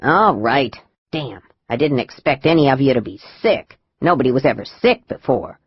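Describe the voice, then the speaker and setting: A woman voicing a gruff old rural man who drawls in a folksy, rough way. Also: a bass voice, sing-song, normal speed, no room sound, dull audio, pitched below the performer's own voice, heavily acted.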